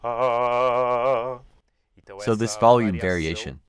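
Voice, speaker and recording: A man, a classical bass singer, calmly explaining vocal technique step by step while reacting to a live performance. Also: very slow. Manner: calm, explanatory, walks through vocal anatomy step by step. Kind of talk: reaction commentary analysing singing technique.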